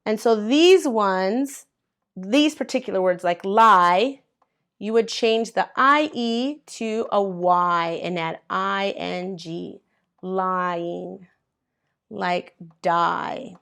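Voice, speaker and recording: Slow, clear-voiced woman ESL teacher. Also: medium pitch, a bit bright. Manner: slow, patient, spells out letters and claps syllables. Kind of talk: classroom grammar lesson. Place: at a board, writing in colors.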